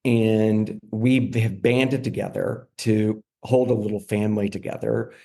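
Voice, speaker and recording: Brief: middle-aged man, gravelly low voice, a podcast guest recounting his career frankly, lots of casual fillers. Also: fairly even intonation, measured pace, dark tone. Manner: frequent fillers like "like" and "you know". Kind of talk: candid storytelling in conversation.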